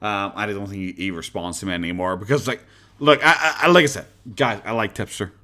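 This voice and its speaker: A man's voice: on the low side, fairly quick, bright, forceful tone. An Irish man chatting casually to his livestream audience. He swears freely and laughs often, and he leans in and out of his desk microphone. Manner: profane, laughs often, talks to chat. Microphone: desk microphone, leaning in and out.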